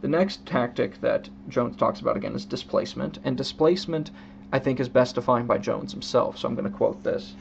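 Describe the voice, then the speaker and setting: A man giving a casual spoken book review in an unhurried, explanatory way, reading quoted passages aloud and marking each quote and emphasis. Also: medium pitch, gravelly. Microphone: own camera setup. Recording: dull lo-fi recording with faint hum.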